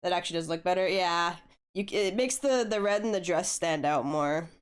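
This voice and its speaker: Hoarse young woman streamer, smooth low voice. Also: a little fast. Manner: laid-back, swears casually, chats with viewers. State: hoarse from getting over a flu. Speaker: art streamer. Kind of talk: casual chat while drawing on stream.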